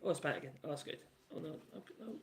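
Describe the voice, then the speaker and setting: A man's voice: a little high, lively intonation, very fast, gravelly. A man in his sixties rambling casually on a live stream and reading out chat messages while building a model. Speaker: livestream host.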